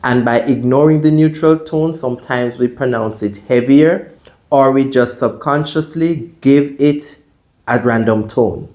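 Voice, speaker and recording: A man teaching a pronunciation lesson, drilling sounds slowly and deliberately for students to repeat after him. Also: medium pitch, darkish tone. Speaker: language teacher.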